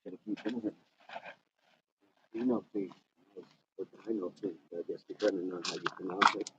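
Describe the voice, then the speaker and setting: A man's voice: low-pitched, steady tone, normal speed, dull audio. A man hosting a fitness livestream, chatting casually and encouragingly with viewers while he walks and moves. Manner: upbeat, encouraging, greets viewers by name; walking in place while talking. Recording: noisy livestream audio.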